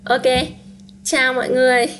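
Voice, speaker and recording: A woman, a Vietnamese teacher whose first language is Vietnamese, answers questions in a casual live-stream Q&A, her throat hoarse and scratchy, talking in a chatty way with plenty of fillers. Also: high voice, brisk. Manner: chatty, relaxed, with frequent fillers.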